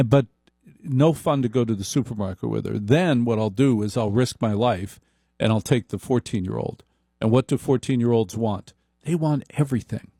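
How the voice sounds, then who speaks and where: A man delivering a comic monologue in a slow, deliberate, wry manner. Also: medium pitch, mellow, husky, no echo, studio quality.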